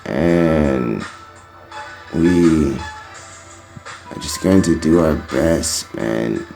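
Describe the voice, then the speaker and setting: Low gravelly man riffing in a closet. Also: very slow, faint music behind. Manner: self-amused, bursts into loud laughing riffs. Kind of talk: loose comic monologue. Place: empty closet.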